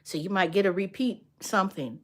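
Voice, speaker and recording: A woman's voice: medium pitch, fairly quick. Chatty grandmother hosting a livestream. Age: older. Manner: chatty, talks straight to viewers by name, lively retelling. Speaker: livestream host and art instructor. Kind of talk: casual livestream chat.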